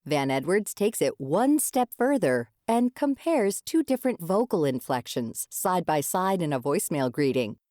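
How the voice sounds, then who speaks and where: Low-voiced woman radio host. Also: big pitch swings, normal speed, hardly any pauses, warm tone, dry recording, clean studio sound. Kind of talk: scripted radio narration.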